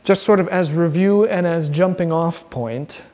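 A man with a slightly high voice teaches an informal Bible class, earnest and animated. He breaks into little acted-out quotes and restarts his sentences as he goes. The sound rings with a long hall reverb. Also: measured pace.

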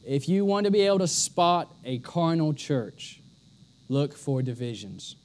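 Male preacher, high-pitched voice, emphatic and repetitive delivery, sermon style. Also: lively intonation, a little slow. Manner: emphatic, repeats lines for stress.

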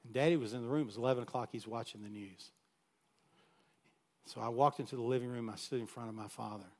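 A man, a pastor, telling a personal story in a sermon, animated and swinging from loud to hushed. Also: medium pitch, quick pace.

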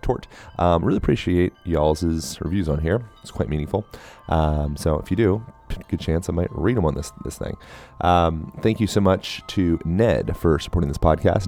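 A man's voice: deep voice, creaky, warm tone. A man hosting a podcast, chatting casually and joking, laughing easily and doing his own ad reads. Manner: playful, jokey, laughs easily. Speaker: podcast host.

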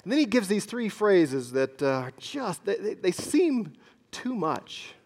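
A man preaching a sermon as pastor, swinging between loud emphasis and hushed, near-whispered asides. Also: high-pitched, sing-song, a little slow.

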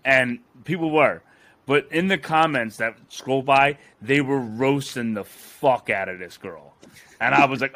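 A man's voice: medium pitch, measured pace, fairly bright tone. A young man co-hosting a podcast, ranting in a heated, profane way. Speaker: podcast co-host. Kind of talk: casual podcast rant.

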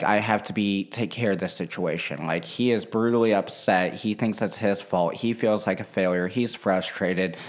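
A young man chatting casually, telling a work story in an animated, profane way and acting out what people said. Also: lowish voice. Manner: animated, swears freely, slips into quoting people.

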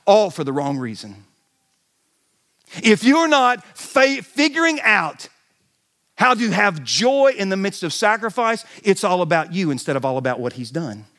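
High-voiced animated male pastor. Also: measured pace. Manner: animated storytelling, shouting in bursts. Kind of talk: sermon.

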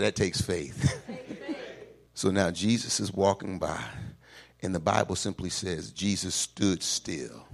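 A man preaching a call-and-response sermon, climbing into shouts at the peaks and then dropping low and quiet, in a church sanctuary. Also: vocal fry. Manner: whoops and shouts at climaxes, then drops low.

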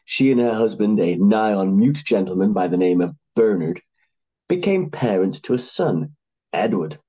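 A man's voice: on the low side, lively intonation, moderate pace, warm tone, husky, poor audio. A man narrating a comic story with dry, wry asides.

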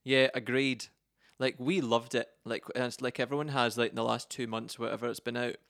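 A man co-hosting a podcast in easy, giggly conversation. He often stumbles and restarts mid-sentence. The recording is dry and close, with no room sound around his mid-pitched voice. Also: level tone, a little fast, fairly bright tone, dry recording. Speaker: podcast co-host. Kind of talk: casual chat.

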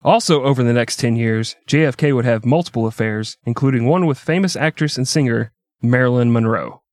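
A man's voice: mid-range voice, fairly quick, a little mellow, no echo. Irreverent man telling history, dry close mic. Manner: irreverent, jokey, laughs often. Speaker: podcast co-host telling a history story. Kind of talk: casual comedic storytelling.

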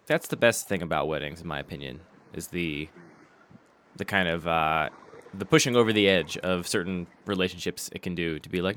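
A man's voice: deep voice, fairly quick, a bit bright, slight background noise. A man chatting casually as a podcast co-host, wry and sarcastic, swearing freely. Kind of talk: casual chat.

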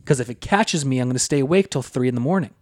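Man, podcast co-host, casual chat, deadpan, dry close sound. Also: mid-range voice, rapid-fire, no room sound. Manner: laid-back, deadpan agreement and dry asides.

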